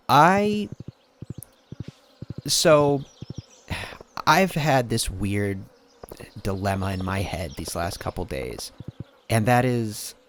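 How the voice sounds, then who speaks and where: A man's voice: on the low side, a little hiss or hum. Laid-back man doing game commentary. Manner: rambling, laughs often. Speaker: gameplay video host. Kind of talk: casual let's-play commentary.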